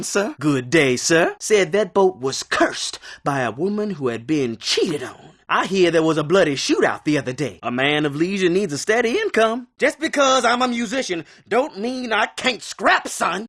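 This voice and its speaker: An actor playing a genteel, folksy Old West saloon musician in a video game, polite and full of old-fashioned frontier slang. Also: male voice, high voice, a bit bright, heavily acted. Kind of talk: video game character barks.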